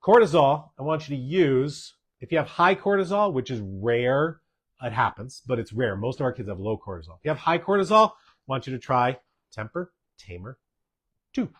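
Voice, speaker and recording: Male doctor-host, mid-pitched, chatty Q&A delivery, drives points home by repeating them. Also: animated, normal speed, husky. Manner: emphatic, repeats key points, tags sentences with "okay?". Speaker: doctor hosting a podcast. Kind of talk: casual podcast Q&A, answering listener questions.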